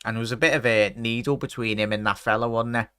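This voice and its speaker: Scouse streamer in his thirties, smooth voice, dry close mic, chatty football reactions. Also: mid-range voice, fast talker, no room sound. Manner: chatty, bursts into excited shouts at chances; talks straight to his chat. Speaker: watchalong streamer. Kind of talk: live football watchalong commentary.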